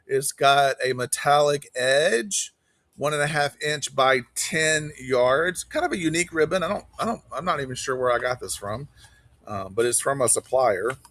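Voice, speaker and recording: A man hosting a live online auction stream, chatting casually and quickly calling bids while greeting viewers by name. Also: medium pitch, fairly bright tone, no echo.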